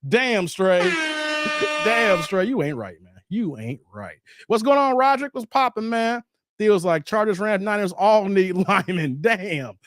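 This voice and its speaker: A man hosts a casual stream and riffs on viewer comments. His voice sits high and swings widely as he laughs and jokes. The sound is close and dry, with no room around it. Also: a little slow, no echo. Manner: animated, laughing, slang-heavy banter. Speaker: host reading viewer comments.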